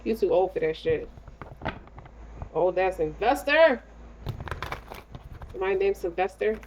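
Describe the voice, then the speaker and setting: A woman's voice: medium pitch, lively intonation, takes it slowly, slight background noise, poor audio. A woman giving a casual tarot reading in a blunt, slangy, streetwise way. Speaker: tarot reader.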